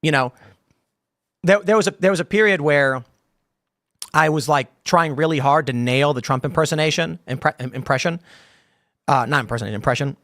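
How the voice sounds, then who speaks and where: A man's voice: a little high, moderate pace, pauses often, a bit bright, no room sound, clean studio sound. A man hosting a live show, reading chat comments and riffing on them in a rambling way, full of fillers and restarts. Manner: rambling, many fillers and repeated starts. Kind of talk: casual live-stream commentary.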